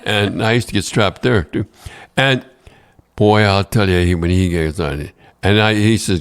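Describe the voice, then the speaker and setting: An older man telling rambling, halting anecdotes in a casual podcast chat, repeating words and laughing often. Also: low voice, steady tone, clean tone. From Canada. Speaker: co-host telling stories.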